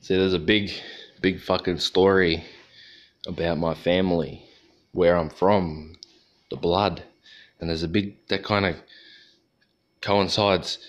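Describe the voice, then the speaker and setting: A man's voice: deep voice, fairly even intonation, slow pace, pauses often, lo-fi sound. An Australian man hosting a livestream, talking in a rambling, profane, joking way. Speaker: livestream host. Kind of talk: casual livestream chat.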